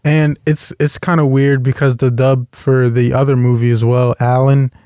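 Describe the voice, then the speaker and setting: A man guesting on a casual movie review podcast, easygoing and quick to laugh and agree. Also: medium pitch, level tone, mellow, clean tone, dry recording, clean studio sound. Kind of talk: casual chat.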